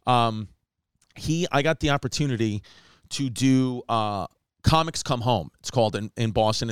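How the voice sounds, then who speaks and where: Male comic host, smooth resonant voice, dry close sound, animated raconteur. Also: medium pitch, no echo. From New York. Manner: animated storyteller, acts out quotes. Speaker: comedian podcast host. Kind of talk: casual storytelling chat.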